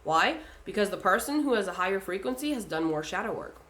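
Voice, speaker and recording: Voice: medium pitch, big pitch swings, fast, pushed and bright. A speaker talking casually and bluntly, giving spiritual advice in a vlog, swearing often and using lots of fillers.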